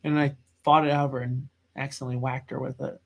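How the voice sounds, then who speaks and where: A man chatting casually, telling family stories with lively voices for the people in them. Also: medium pitch, fast. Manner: animated storyteller, acts out his mother's voice. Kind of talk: casual chat.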